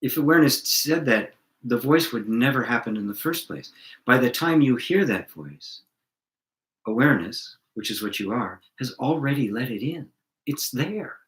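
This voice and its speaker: A middle-aged man leading a spiritual satsang, talking calmly and asking reflective questions as he answers viewers. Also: mid-range voice, reverberant, rough recording. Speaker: spiritual teacher.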